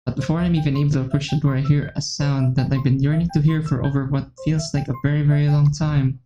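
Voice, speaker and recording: A man's voice: on the high side, level tone, fast talker, dark tone. A man reading a visual novel aloud, narrating steadily in the first person on a dull lo-fi recording. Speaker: gaming YouTuber. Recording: dull lo-fi recording with faint music.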